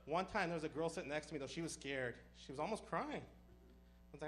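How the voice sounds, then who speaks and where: A man doing a stand-up comedy set, telling stories with deadpan punchlines. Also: fairly high pitch, faint music behind. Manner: deadpan punchlines, brisk storytelling.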